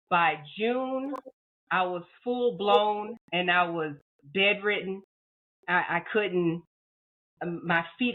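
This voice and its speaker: Woman, podcast guest, heartfelt personal story, stumbles and repeats words, phone-like tinny sound. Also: medium pitch. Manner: heartfelt, repeats words when emotional, acts out her own past thoughts. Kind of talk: emotional personal story in an interview. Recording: phone-like narrow audio.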